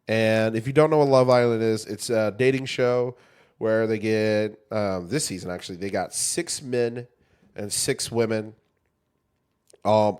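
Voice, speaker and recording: A man's voice: fairly low pitch, clean tone. A man in his thirties co-hosting a podcast, chatting loosely, swearing freely, full of fillers and restarts. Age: 30s. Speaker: podcast co-host. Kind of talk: casual chat.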